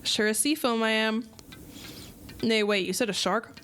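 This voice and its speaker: A woman voicing a crusty old male crab blacksmith in a game, with a put-on old seafaring brogue and a gruff, folksy delivery. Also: on the high side, normal speed, fairly bright tone, slight background noise, lightly acted. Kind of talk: reading game dialogue aloud.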